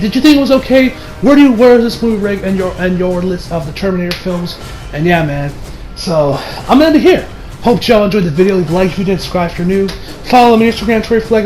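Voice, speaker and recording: A man casually reviewing a film on his channel, excitable and rambling, swearing freely and laughing often. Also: high voice, low-quality recording. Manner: rambling with many restarts and fillers. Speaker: movie reviewer.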